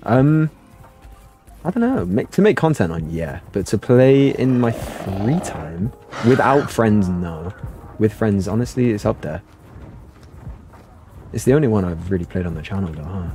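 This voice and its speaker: A man's voice: on the low side, very animated, a little slow, mellow, soft background music. A young man chatting playfully through a gaming livestream and answering his viewers' chat aloud. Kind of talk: casual livestream commentary.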